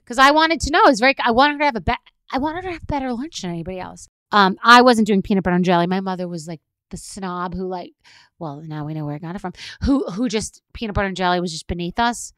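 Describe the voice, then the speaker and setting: A middle-aged woman hosts her own podcast in a loose, rambling monologue. Her voice is bright and smooth, recorded close and dry. She keeps piling on asides and fillers with lively energy. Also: mid-range voice, quick pace, no room sound. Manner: animated, chatty, full of asides and fillers. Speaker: podcast host.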